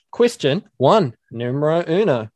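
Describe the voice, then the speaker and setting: A man's voice: a little high, vocal fry, husky, no room sound. A man co-hosting a podcast, chatting casually, swearing and getting worked up, then reading a listener question. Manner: animated, swears a lot, gets worked up. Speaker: podcast co-host. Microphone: desk microphone.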